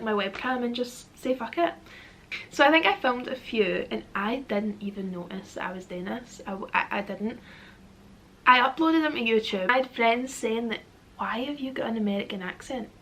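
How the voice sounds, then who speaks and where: A woman's voice: a little high, fairly bright tone. Chatty Scottish woman in her twenties. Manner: chatty, rambling, self-deprecating, laughs often. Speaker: vlogger. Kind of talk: casual Q&A chat to camera.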